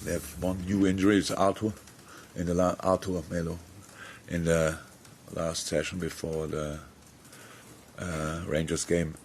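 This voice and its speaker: A middle-aged football manager answering press questions frankly, with many restarts. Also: male voice, low voice, flat delivery, unhurried, a little mellow, a little hiss or hum. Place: press conference room.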